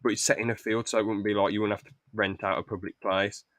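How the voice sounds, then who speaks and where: A young man hosting a podcast, pitching a film script in a rambling, stop-start way with lots of fillers. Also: flat delivery, quick pace, fairly bright tone, dry recording, clean studio sound. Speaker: podcast host. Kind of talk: casual podcast chat, reading out a film pitch.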